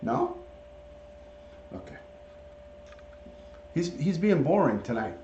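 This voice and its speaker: A man's voice: on the high side, sing-song, takes it slowly, warm tone, slight background noise. A man hosting a casual livestream, coaxing his pet in baby talk and greeting viewers by name, picked up by a device mic rather than a clip-on. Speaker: livestream host. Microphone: camera or device mic, not clipped on. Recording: roomy, dull lo-fi stream audio.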